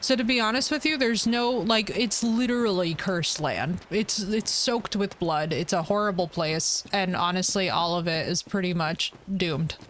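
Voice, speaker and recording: A woman's voice: fairly low pitch, normal speed, few pauses, fairly bright tone, a little hiss or hum. Chatty playful woman streaming a game. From United States. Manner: playful, chatty, reads chat aloud, teasing jokes. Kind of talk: casual live gameplay chat.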